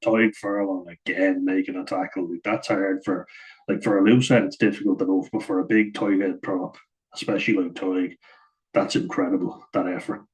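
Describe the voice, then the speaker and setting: A man's voice: deep voice, flat delivery, moderate pace, rough recording. A man giving a chatty, casual voice-over breakdown of rugby footage, often saying "like" and chuckling at his own asides. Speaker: rugby match analyst.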